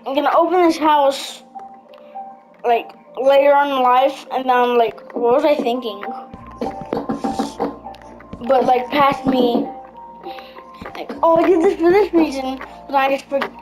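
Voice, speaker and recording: A woman's voice: sits high, moderate pace, long pauses, poor audio. A woman giving casual gameplay commentary, rambling and repeating herself as she builds. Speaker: gaming video creator. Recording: clear background music.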